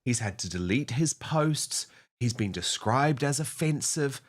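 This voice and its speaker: Animated male talk show host. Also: medium pitch, unhurried. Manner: animated, emphatic delivery.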